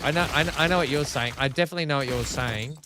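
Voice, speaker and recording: An Australian gaming streamer live-streams a building game from a home room, casually commentating, chatting with viewers, and grumbling at his track with self-mocking frustration. His voice is mid-range and fast. Background noise is present.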